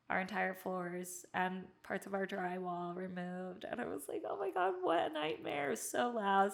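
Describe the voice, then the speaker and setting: Chatty young woman telling a story. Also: medium pitch. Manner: animated, laughs often, many "like"s. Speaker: podcast guest. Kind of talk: casual storytelling.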